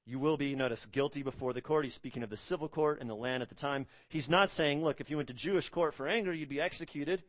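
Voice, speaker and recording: A man preaching a sermon as pastor, speaking emphatically, rising on key words and dropping low and quiet on solemn points. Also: quick pace, hardly any pauses, no room sound.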